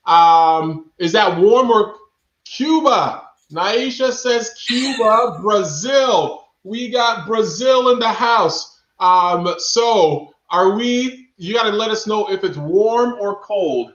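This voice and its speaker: An animated man with a high, fairly bright voice takes his time while hosting a live online show. He quizzes his guest in a playful way, shouts out the chat's guesses, and repeats questions to the chat, and the recording is dull, lo-fi, and echoey.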